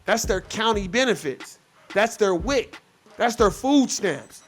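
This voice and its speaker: High-pitched man ranting, profane and heated. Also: expressive, takes it slowly. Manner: profane, heated, mocks others in quoted voices. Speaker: podcast host. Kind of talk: casual ranting commentary.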